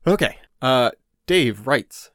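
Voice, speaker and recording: A man's voice: medium pitch, lively intonation, slow, dry recording, clean studio sound. A man co-hosting a podcast in casual chat, talking loosely, laughing often and reading out listener mail. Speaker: podcast co-host.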